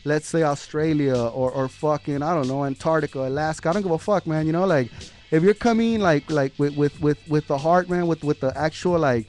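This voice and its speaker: Profane, halting man over music. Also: on the high side, darkish tone. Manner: profane, halting, lots of "man" and repeated words. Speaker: graffiti artist guest. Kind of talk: casual interview talk.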